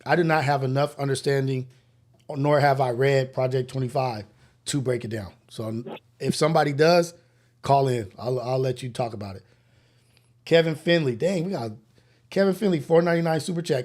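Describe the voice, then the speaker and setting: A man with a mid-pitched voice hosts a morning livestream. He reads out super chats one by one and thanks each viewer with blessings and shout-outs, sounding slightly out of breath. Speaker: livestream host. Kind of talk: live show chat reading.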